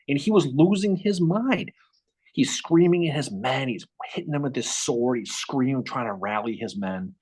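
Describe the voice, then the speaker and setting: A man co-hosting a casual history podcast, telling the story with lively restarts and repeated words. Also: medium pitch, slightly rough. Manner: animated, repeats words while thinking, acts out quotes. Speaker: podcast co-host.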